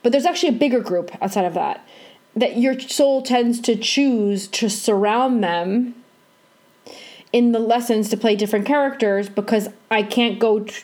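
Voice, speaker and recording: Woman, highish voice, giggly and chatty, casual podcast banter. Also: a little mellow. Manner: laughs often, bubbly, quick pitch jumps. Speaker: podcast co-host. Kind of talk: casual chat.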